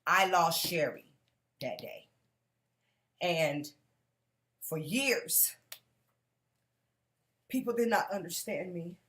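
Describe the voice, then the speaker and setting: A woman's voice: fairly low pitch, animated, takes it slowly, long pauses, fairly bright tone. A woman giving an earnest personal testimony, speaking directly to a live audience and calling out to them as she goes.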